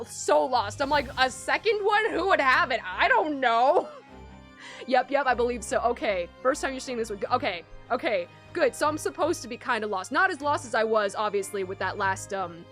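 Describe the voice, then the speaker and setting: A young woman chats through a courtroom game for her stream, giggling often and sounding flustered. Her voice sits high and swoops widely as she talks. Faint game music plays underneath. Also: expressive, a little fast, a bit bright. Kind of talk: casual let's-play commentary.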